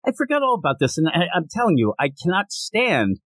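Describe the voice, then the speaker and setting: Huge pitch swings mark this high, husky, somewhat bright male voice, which runs a little fast with no room sound. He reviews comics and hosts a podcast, riffing jokily through his show with plenty of digressions and offhand asides.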